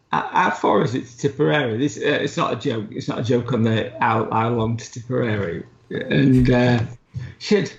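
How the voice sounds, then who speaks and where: A man's voice: mid-range voice, creaky. A man co-hosting a podcast, casually telling a travel story with laughs and the odd swear. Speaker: podcast co-host. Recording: roomy, dull-sounding recording.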